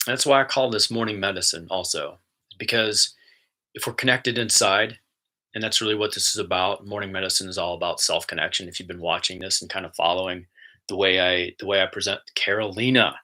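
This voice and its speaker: A man's voice: deep voice, steady tone, brisk, sharp tone. A man giving a casual, earnest wellness talk to viewers, rambling a little and greeting people who are watching live. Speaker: wellness vlogger. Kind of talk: casual spoken monologue.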